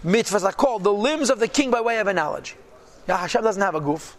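A man with a high voice teaches a religious text, reading each phrase and translating it. He keeps checking in with "yeah?" and "right?" and answers his own rhetorical questions. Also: animated, quick pace. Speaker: Torah teacher. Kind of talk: text-based religious class.

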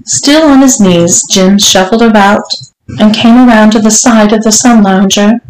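A woman narrating a bedtime-style story in a measured, unhurried read-aloud. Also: medium pitch, a little mellow, a little hiss or hum. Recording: roomy echo.

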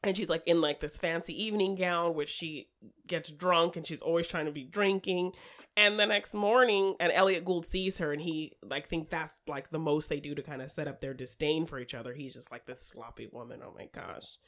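A woman's voice: low voice, fairly even intonation, moderate pace, a bit bright. A woman chatting casually about films, giggling often and acting out characters' lines. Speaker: podcast co-host. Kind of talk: casual film discussion.

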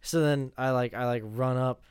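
A relaxed young man talks casually for a podcast, swearing now and then. His voice is smooth and clear and the mic is close and dry. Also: mid-range voice, normal speed, dry recording. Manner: laid-back, laughing, swears. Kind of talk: casual chat.

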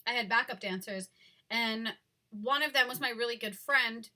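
A young woman co-hosting a casual podcast, chatty and rambling, quick to laugh. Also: on the high side, sharp tone. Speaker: podcast co-host. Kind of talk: casual chat.

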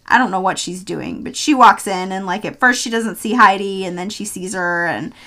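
A woman's voice: mid-range voice, moderate pace. A woman chatting casually as she retells a film plot, acting out characters' lines as she goes. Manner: animated storyteller, acts out characters' lines. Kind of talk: casual chat recapping a film.

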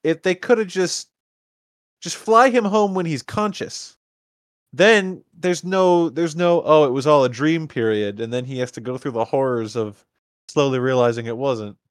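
A man joking through a movie rewatch with a co-host, wry and quick to act out the characters' lines. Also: a little high, smooth, dry recording, studio quality. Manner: wry, jokey, acts out lines in funny voices. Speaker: podcast co-host. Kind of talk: casual movie rewatch chat.

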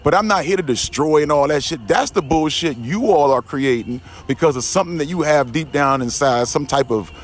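A man's voice: fairly high pitch, brisk, hardly any pauses. A man giving a rambling spiritual monologue outdoors in a garden, profane and emphatic, often restarting and repeating himself. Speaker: podcast host.

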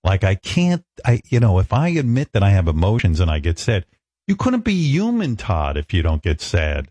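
Male talk-radio host, low, dry studio sound, brash and profane, lively swings in pitch. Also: normal speed, no echo. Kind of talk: radio talk show banter.

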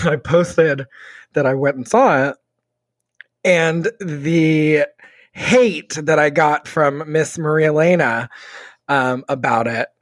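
A man co-hosting a casual podcast, animated and dramatic in his reactions. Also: a little high, dry recording. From Mexico. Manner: animated, dramatic, quick to exclaim. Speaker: podcast co-host. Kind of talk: casual chat.

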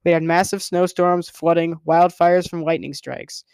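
A man's voice: on the high side, steady tone, normal speed, a little mellow, smooth, dry recording. A man reading a novel aloud as first-person narrator, in a casual storytelling way with the odd stumble. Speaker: reader.

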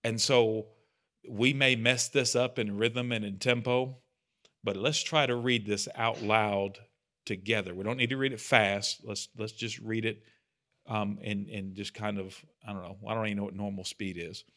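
Man, lowish voice, church study leader, casual, earnest, self-deprecating. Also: steady tone, normal speed, a bit bright. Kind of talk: casual teaching talk.

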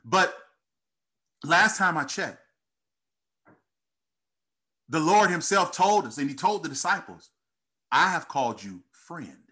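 A man's voice: expressive, measured pace, pushed and bright. A man preaching a sermon, calling out to the congregation and building in intensity as he reads scripture. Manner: call-and-response preaching, rising in pitch and intensity.

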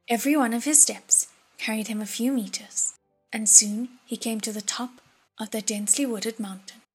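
Breathy, husky woman reading an audiobook. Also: fairly high pitch. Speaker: audiobook narrator. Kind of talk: audiobook narration.

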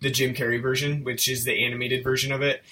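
Bright-voiced rambling man, distant mic. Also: medium pitch, level tone, quick pace. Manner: rambling, self-interrupting, laughs often. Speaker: podcast co-host. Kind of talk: casual movie review chat.

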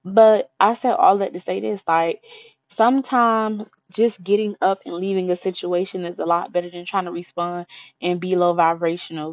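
A woman's voice: fairly low pitch, dry recording, lo-fi sound. A young woman giving blunt, slangy relationship advice in a casual monologue, often acting out what people say. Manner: blunt, slangy, acts out quotes.

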